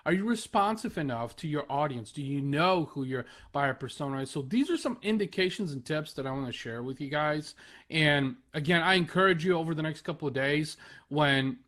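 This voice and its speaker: A man's voice: a little high, lively intonation, fairly quick, a bit bright. A man in his thirties giving an earnest, emphatic solo talk as a marketing podcast host, often repeating key phrases for stress. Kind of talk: solo Facebook live talk.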